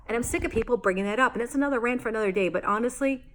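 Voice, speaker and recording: A woman vlogging in an exasperated, rambling way, full of fillers and false starts. Her pitch sits in an ordinary middle range for a woman. She tells the story like a casual rant to her viewers. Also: fast talker, a bit bright. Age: adult, married homeowner.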